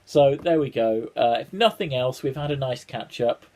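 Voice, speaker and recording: A man's voice: medium pitch, lively intonation, moderate pace, mellow. Wry, rambling man vlogging. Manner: rambling, with many ums and restarts, wry and swearing. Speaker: vlogger reacting to a trailer. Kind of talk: casual chat to camera.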